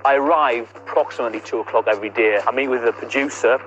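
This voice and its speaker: Deadpan male voice-over narrator. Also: mid-range voice, quick pace, dull audio, music in the background. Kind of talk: mock-documentary interview and chat.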